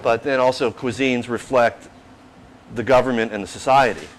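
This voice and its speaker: A restaurant owner in his fifties talks shop in an easy, anecdotal manner, his voice sitting at an ordinary middle pitch. He tells stories with energy and acts out small quotes. A faint background ambience runs underneath. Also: normal speed, a little hiss or hum, rough recording. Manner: animated anecdotal, plays out quotes. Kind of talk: casual storytelling interview.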